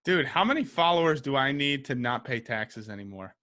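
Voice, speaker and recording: A man's voice: medium pitch, lively intonation, brisk, pushed and bright. A man, a comedian guest on a podcast, riffing on absurd scenarios with casual swearing. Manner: riffs with absurd scenarios, swears, says "you know what I mean".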